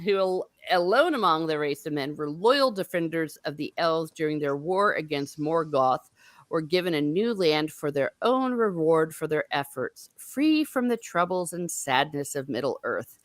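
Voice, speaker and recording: A woman's voice: low voice, animated, measured pace, a bit bright, no room sound, clean studio sound. A woman hosting a casual book discussion livestream, chatty and laughing at herself. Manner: chatty, laughing, self-mocking. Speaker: host.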